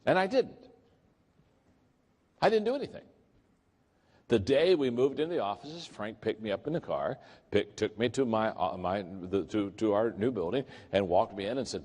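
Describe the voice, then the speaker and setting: A man giving a leadership keynote, telling stories in an animated way and acting out the quotes. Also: mid-range voice, a little fast. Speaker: leadership speaker. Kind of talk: keynote storytelling. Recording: echoey hall.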